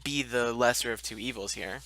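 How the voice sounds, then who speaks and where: A man's voice: medium pitch, brisk, pushed and bright, no echo. A man playing a tabletop game casually, swearing freely and joking around. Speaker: player.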